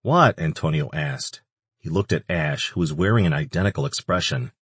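A man narrating an audiobook in a measured, even reading. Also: rumbling low, slightly rough, dry recording. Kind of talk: scripted narration.

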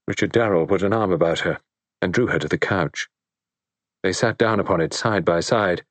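Brief: male audiobook narrator, low voice, measured storytelling, dry close mic. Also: no echo.

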